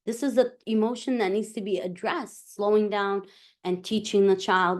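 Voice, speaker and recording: A woman presenting a parent workshop, talking in a relaxed way, repeating her points and often checking in with "right?". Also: mid-range voice, normal speed. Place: library meeting room.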